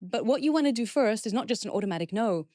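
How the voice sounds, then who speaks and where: A woman's voice: a little high, expressive, quick pace, warm tone, no echo, studio quality. A woman speaking as a guest expert in a podcast interview, explaining steps earnestly and acting out example phrases.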